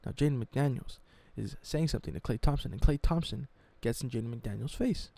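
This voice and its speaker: A man telling a sports story in a mocking, animated, profane way, as a sports YouTuber. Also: medium pitch, fairly quick, gravelly.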